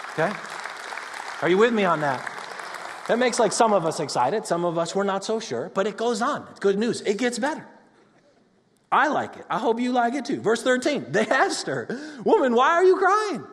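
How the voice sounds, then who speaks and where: A man preaching a sermon in a conversational way, moving between loud excitement and hushed, intimate talk. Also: high voice, moderate pace, a crowd in the background, noisy background. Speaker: pastor. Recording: long hall reverb.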